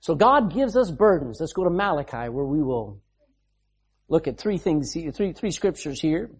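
A man's voice: on the high side, big pitch swings, moderate pace, husky. A man preaching a sermon as pastor, emphatic, reading scripture aloud and explaining it.

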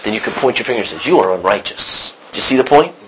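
A man teaching a Bible study class, animated and questioning his students. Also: mid-range voice, racing, slight background noise, poor audio.

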